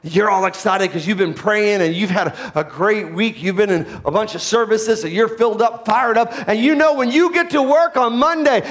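A man preaching a sermon as pastor, swinging between loud, excited preaching and low, quiet asides.

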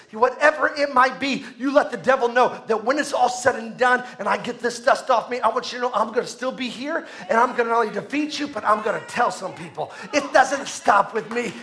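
A male pastor preaching a sermon, shouting his declarations and calling on the congregation to answer back. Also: extremely high pitch, fairly quick, few pauses, faint music behind. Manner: shouting, swinging between loud declarations and quiet asides; calls to the congregation for responses.

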